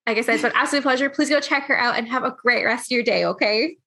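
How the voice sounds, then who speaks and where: Woman hosting a rambly video call chat, bright and a bit high. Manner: chatty, rambling, quick to laugh. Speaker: podcast host. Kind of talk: casual video-call interview.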